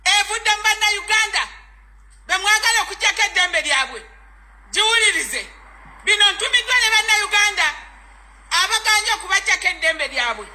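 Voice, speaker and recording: A Ugandan woman protesting outside an embassy, chanting demands in an impassioned voice and at times shouting. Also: very high voice, animated, normal speed, slight background noise.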